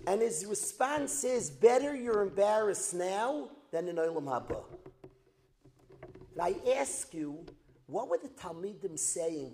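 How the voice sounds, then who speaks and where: A man teaching a religious lesson as a dramatic story, repeating phrases for emphasis and building to loud outbursts. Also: high voice, sing-song, measured pace. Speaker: Torah teacher. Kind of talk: storytelling lecture.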